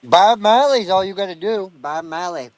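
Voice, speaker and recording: A man's voice: high voice, expressive, moderate pace, no echo. Blunt, swearing man with a Maine accent. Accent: Maine, Down East. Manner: blunt, profane storytelling. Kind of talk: casual livestream chat.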